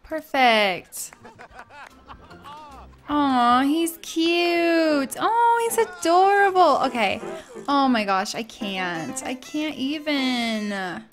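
A woman's voice: high voice, animated, drawn-out words, a bit bright, faint music behind. A young woman giving casual, bubbly let's-play commentary, gushing and chatting with her viewers and characters. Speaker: gaming YouTuber.

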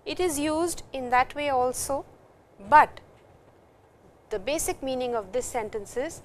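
A woman's voice: high-pitched, measured pace, long pauses. A woman with an Indian English accent teaching a recorded Japanese language lecture, reading example sentences and explaining them in English.

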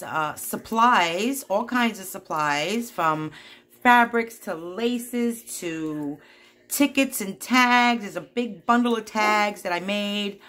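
A woman craft vlogger at home, chatting casually to viewers in a giddy, excitable, giggly way. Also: fairly low pitch. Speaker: craft vlogger hosting a giveaway.

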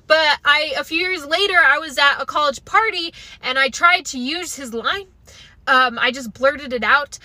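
A young adult woman with a high, very bright voice tells a comic story, animated and self-mocking. The sound is dry and close. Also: no room sound. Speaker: comedian.

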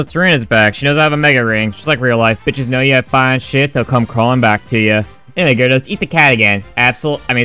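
A man's voice: mid-range voice, bright, forceful tone, clear, resonant tone. A man giving sarcastic, crude, joking commentary over his game playthrough. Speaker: gaming video creator.

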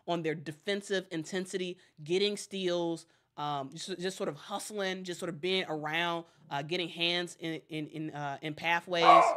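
A woman's voice: on the low side, fairly bright tone. A woman hosting casual sports commentary, chatty and addressing viewers directly, often restarting her sentences.

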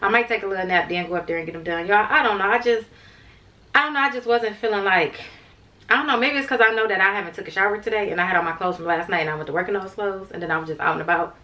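Rapid-fire and pushed, her medium-pitched voice bright, a young woman chats casually to her vlog viewers and keeps calling them "y'all." The clips move from her car to her home. She uses a handheld camera mic.

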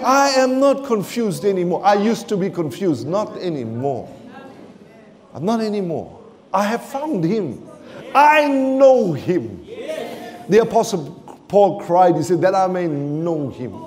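A South African man preaching a sermon in a church, impassioned, swinging from shouted declarations to low murmurs. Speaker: pastor. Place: church sanctuary with congregation.

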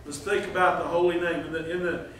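A high-voiced man with a drawl preaches a folksy, joking sermon. His voice rings around a big, echoey church hall, picked up from well back off the mic with a faint hiss underneath. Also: flat delivery, quick pace, a bit bright, far from the mic. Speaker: pastor. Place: church sanctuary.

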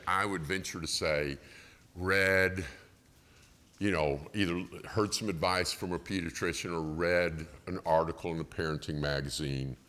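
A middle-aged man preaching a sermon in a church, telling stories with animated acted-out quotes and chuckles. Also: deep voice.

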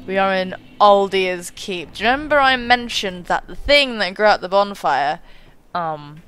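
Woman, let's play host, casual game commentary, giggly, excitable, very animated pitch. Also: moderate pace. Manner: giggly, excitable, swears and exclaims.

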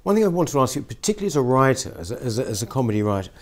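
A man's voice: medium pitch, very animated, very fast. A man interviewing a guest, speaking hesitantly with repeated words and frequent murmurs of agreement. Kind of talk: conversational interview.

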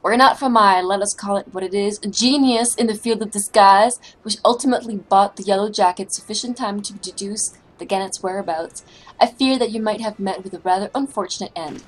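A woman voicing a pompous gentleman inspector, reading game dialogue aloud in a grand, old-fashioned formal manner. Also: medium pitch, brisk, lightly acted, low-quality recording. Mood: grandiose.

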